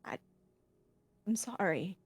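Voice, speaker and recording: A woman voicing a father who speaks low and apologetic in a tabletop role-play. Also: takes it slowly, dry recording, natural voice. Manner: quiet, apologetic. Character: ghostly father with a lampshade head.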